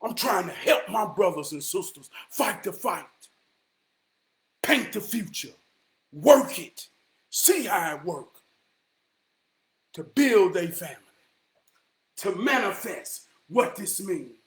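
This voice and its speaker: High-pitched male vlogger, emphatic street-talk motivator who drops from shouting to near-whisper. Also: big pitch swings, takes it slowly, long pauses. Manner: emphatic and preachy, swinging from shouts to hushed tones; repeats lines for emphasis, street slang.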